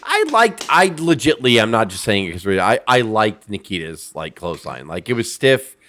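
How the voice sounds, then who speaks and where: A man's voice: lowish voice, sing-song, moderate pace, a bit bright. Rambling, profane man co-hosting a podcast. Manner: rambling, profane, trails off and restarts. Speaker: podcast co-host. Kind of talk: casual podcast chat.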